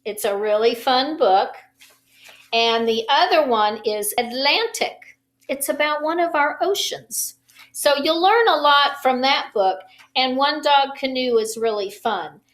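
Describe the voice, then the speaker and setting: A woman teacher at home, giving a slow, patient lesson to young children over a phone camera and stretching out each phonics sound. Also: high voice, lively intonation, fairly bright tone, low-quality recording.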